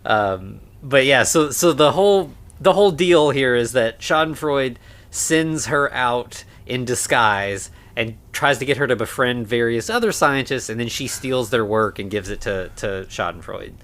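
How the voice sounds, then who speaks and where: A man co-hosting a casual podcast, walking through a film's plot. He rambles and leans on fillers, breaking into quick laughs. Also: mid-range voice, fairly bright tone. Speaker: podcast co-host. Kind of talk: casual movie recap chat.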